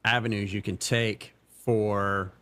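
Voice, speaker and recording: A man's voice: lowish voice, little pitch movement, takes it slowly, a bit bright. A man co-hosting a podcast, talking earnestly in casual chat and often checking in with "right?". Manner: earnest, explains with repeated "right?". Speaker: podcast co-host.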